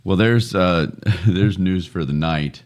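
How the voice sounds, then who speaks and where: Very deep-voiced chatty man. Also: slow. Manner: chatty, laughs often, jokey asides. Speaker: podcast co-host. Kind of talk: casual podcast chat.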